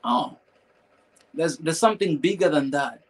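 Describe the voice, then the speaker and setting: This stream host, a man whose voice runs fairly high, gets emotional and preachy at moments, circling back to the same phrases and asking his audience rhetorical questions. He keeps a measured pace with a breathy edge, captured on a rough recording.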